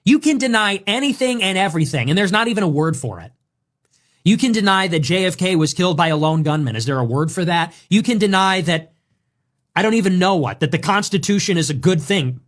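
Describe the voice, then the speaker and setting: A man's voice: sits high, expressive, brisk, fairly bright tone. A man in his twenties from the United States giving a dismissive, provocative streamed monologue.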